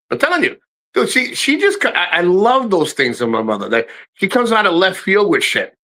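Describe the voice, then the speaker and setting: A middle-aged man hosting a live stream, telling profane family stories to his chat in a casual, animated way, his voice jumping high when he quotes people. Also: brisk, poor audio. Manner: animated, swearing, voice jumps high for quoted lines.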